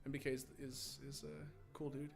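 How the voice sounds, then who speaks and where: A man's voice: mid-range voice, monotone, moderate pace, vocal fry, music in the background. A man hosting a livestream watch party, talking casually to his chat in a rambling, freely swearing way.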